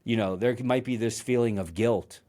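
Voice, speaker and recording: A man's voice: fairly low pitch, normal speed, warm tone. A man hosting a motivational solo talk, speaking conversationally and emphatically, with frequent restarts. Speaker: host.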